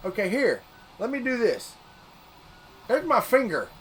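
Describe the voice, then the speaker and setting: A high-voiced man from Florida with a Southern US accent chats loosely with livestream viewers about 3D printing while working at his printer. He speaks unhurriedly with wildly swooping pitch and a slightly bright tone, rambling, restarting, and repeating words. A faint room hum sits in the background.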